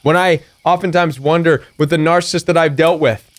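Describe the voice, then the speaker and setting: High-voiced preachy male coach. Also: steady tone, fairly quick. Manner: preachy, emphatic, acts out quoted retorts. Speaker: recovery coach. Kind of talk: motivational talk.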